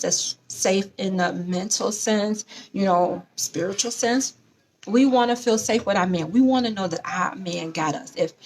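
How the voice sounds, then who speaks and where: Animated woman hosting a relationship talk show. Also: medium pitch. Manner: animated, preachy, acts out quoted voices. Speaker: host. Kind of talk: casual advice talk show.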